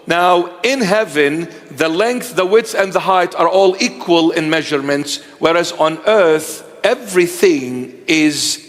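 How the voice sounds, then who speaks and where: High-voiced, slow-preaching man in his fifties. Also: long reverb tail. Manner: emphatic, repetitive preaching. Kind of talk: sermon.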